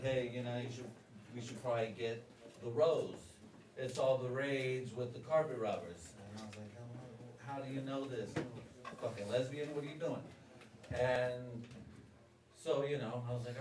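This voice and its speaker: A man's voice: medium pitch, moderate pace, a little mellow. A man doing a stand-up set at an open mic. He is crude and profane and keeps laughing at his own jokes. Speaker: stand-up comedian. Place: live comedy venue with an audience. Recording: roomy live venue, distant, crowd noise.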